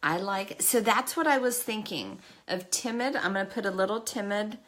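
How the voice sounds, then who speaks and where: A woman's voice: medium pitch, lively intonation, moderate pace, a bit bright, a little hiss or hum. Chatty emotional woman on a makeup livestream. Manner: chatty, emotional, self-deprecating, talks to viewers by name. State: tearful at times. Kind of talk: casual live makeup chat.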